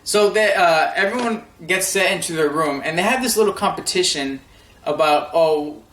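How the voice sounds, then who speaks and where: A young man chats loosely about a comic chapter, his voice sitting a little high. He rambles with lots of fillers and laughs. The room around him rings with echo. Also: moderate pace, slight background noise. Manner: excited and rambling, laughs often, many fillers and restarts. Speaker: manga review vlogger. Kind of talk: casual spoken review.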